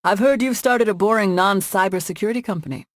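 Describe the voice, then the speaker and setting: A woman's voice: mid-range voice, quick pace, no room sound, studio quality, lightly acted. A woman voicing an easygoing, joking middle-aged man who runs a tech company, in an audiobook.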